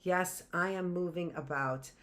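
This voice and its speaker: Low-voiced woman reading a novel aloud. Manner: measured, expressive literary reading.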